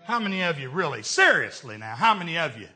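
An older preacher with a drawl, telling homespun stories with plenty of humor. His voice sits high and swings widely in pitch, and it has a bright, forceful edge. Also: big pitch swings, fast. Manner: folksy storytelling preacher with humor. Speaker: pastor. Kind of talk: sermon.

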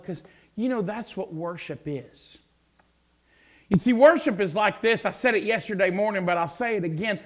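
A male preacher telling a Bible story, repeating words as he builds to fervent shouting. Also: high voice, expressive, moderate pace. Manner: stammering repetitions, swelling into fervent shouts. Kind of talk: sermon.

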